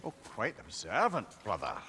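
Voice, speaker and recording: A wry, lively talking head. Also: male voice, on the low side, normal speed, a little hiss or hum, exaggerated voice. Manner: dry, wry courtesy. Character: witty, chatty male severed head advisor.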